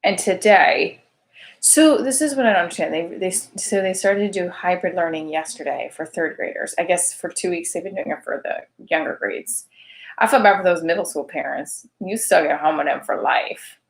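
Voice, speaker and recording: A woman's voice: on the low side, normal speed, creaky. A woman in her thirties hosting a casual late-night livestream show, chatty and self-deprecating and sounding tired. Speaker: show host.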